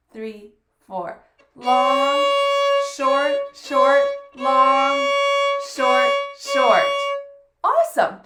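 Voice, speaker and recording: Slow, lively high-voiced woman fiddle teacher. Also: echoey room. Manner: patient, counts beats aloud and praises often. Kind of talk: encouraging music lesson.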